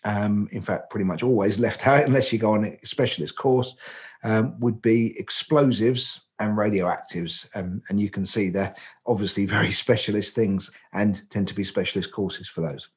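A man's voice: on the low side, moderate pace. An English man co-hosting a podcast, explaining licence training at length in casual chat, with frequent fillers and self-corrections. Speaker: podcast co-host.

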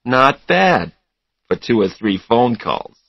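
A man reading a storybook, voicing a confident but bitter young businessman who talks quietly and curtly. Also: mid-range voice, very animated, slow, gravelly, husky, no room sound, dull audio, full character voice. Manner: quiet, curt.

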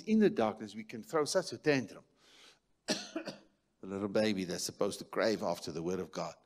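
A male pastor delivers a sermon in a church. He is emphatic, swinging from ringing declarations to hushed, murmured lines. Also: mid-range voice. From South Africa.

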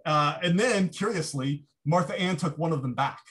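A man's voice: on the high side, moderate pace, fairly bright tone. A man giving a keynote talk, telling an anecdote in a conversational way with frequent restarts. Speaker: keynote speaker. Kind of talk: storytelling lecture.

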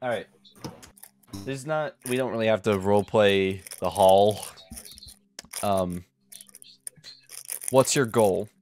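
A man's voice: on the low side, slow, pauses often, darkish tone, slight background noise. A man running a tabletop game as game master, laughing often and narrating with frequent fillers.

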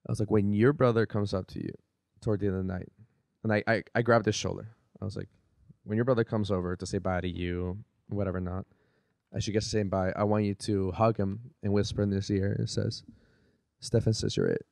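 A man's voice: fairly low pitch, flat delivery, a little fast, creaky, darkish tone, no room sound. A man telling a story in casual chat as a podcast guest, acting out the quotes with animation.

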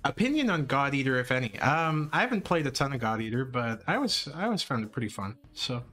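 A man's voice: mid-range voice, big pitch swings, fast talker, bright, forceful tone, faint music behind. A man streaming a game, chatting casually and joking with a co-host, laughing often and using playful slang.

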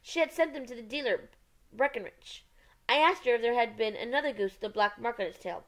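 A panicky, pleading man caught red-handed, read by a woman, his voice climbing high and tight. He rushes through his confession, anxious and begging for mercy. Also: close to an everyday voice. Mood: anguished. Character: frightened, pleading male hotel thief.

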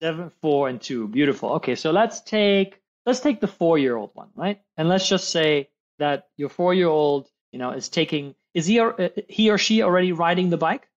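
A man's voice: on the high side, expressive, normal speed, few pauses. A man coaching over dull lo-fi audio. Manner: gentle, acts out quoted voices. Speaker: high-performance coach. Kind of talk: coaching conversation.

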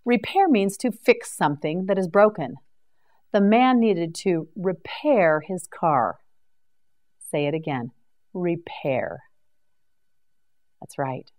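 A woman teaching English vocabulary in a slow scripted drill, enunciating each word clearly and patiently. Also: lowish voice, animated, a little mellow.

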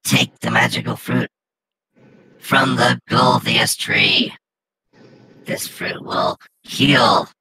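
A man voicing a shifty male goblin auctioneer who hawks his wares loudly in broken speech. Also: mid-range voice, fairly even intonation, very slow, gravelly, long pauses, husky, exaggerated voice, rough recording. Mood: hawking. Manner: broken speech, loud sales patter.

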